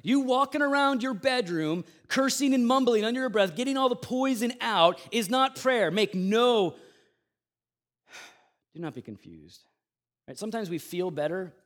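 A man preaching a sermon in a conversational way, moving between loud emphasis and quiet asides. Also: very high voice, animated, unhurried. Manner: plays out the grumbling people in a raised voice. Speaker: pastor.

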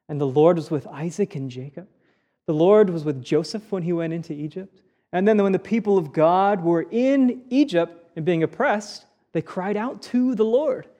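A man's voice: a little high, dark tone. A man preaching a sermon as a pastor, first reading a psalm aloud, then explaining it in an earnest teaching manner with frequent restarts. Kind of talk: scripture reading.

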